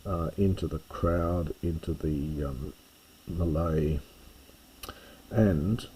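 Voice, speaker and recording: A man teaching a slow line-by-line reading of ancient Greek, stopping with fillers and stressing each translation. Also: deep voice, warm tone, a little hiss or hum, low-quality recording. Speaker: classics teacher reading Homer.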